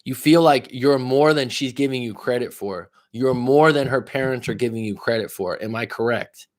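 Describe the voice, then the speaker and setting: A man's voice: medium pitch, moderate pace. A man giving live coaching advice in a blunt, profane way, pushing the listener with repeated questions. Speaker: life coach.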